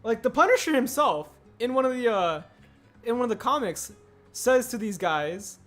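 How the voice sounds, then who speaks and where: A man's voice: very high voice, very animated, moderate pace, fairly bright tone. A young man streaming casually, rambling and answering chat aloud as he builds. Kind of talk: casual livestream chat while building a set. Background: faint music.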